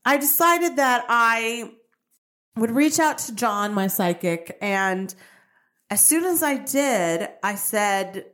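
Podcast lady telling her own story, chatty and lively, goes off on little tangents. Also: fairly high pitch, slow pace. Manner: chatty, animated, digressive. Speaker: podcast host. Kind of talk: personal storytelling.

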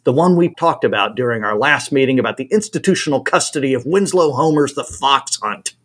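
A man's voice: medium pitch, lively intonation, brisk, a bit bright, slightly rough. A man voicing an earnest young female graduate student.

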